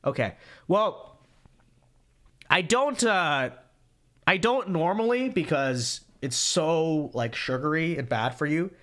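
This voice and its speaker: On the high side and fairly bright, this young adult host's voice is animated yet slow, with long pauses. He chats casually on his podcast livestream and reads super chats, fatigued but talkative, with jokey, sarcastic asides and repeated catchphrases.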